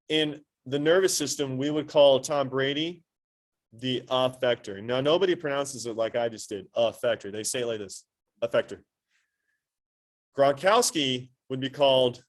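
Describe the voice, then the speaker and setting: A man teaching an anatomy class, quizzing students with quick questions and playful sports analogies. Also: medium pitch. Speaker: high school anatomy teacher.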